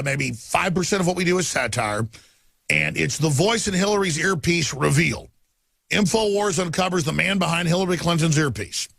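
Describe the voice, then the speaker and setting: A man's voice: fairly high pitch, gravelly, sharp tone, husky, no echo. A man hosting a talk radio show, delivering an emphatic, ranting monologue into a studio mic.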